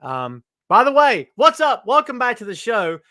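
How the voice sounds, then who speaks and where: A man with a high, light voice hosts a live talk stream, joking and ribbing the viewers as he greets them one by one. The sound is close and dry, with no room echo on his webcam mic. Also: sing-song, moderate pace, pushed and bright. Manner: jokey, teasing, greets viewers by name. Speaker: host of a live wrestling talk show. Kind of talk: casual live-stream chat.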